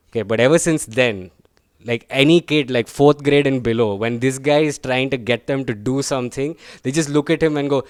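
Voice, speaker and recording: Chatty young comedian, smooth and dry. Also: male voice, medium pitch, normal speed, a little mellow, dry recording. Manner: chatty, self-deprecating, tags lines with "right?" and "guys". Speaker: stand-up comedian. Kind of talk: stand-up comedy set.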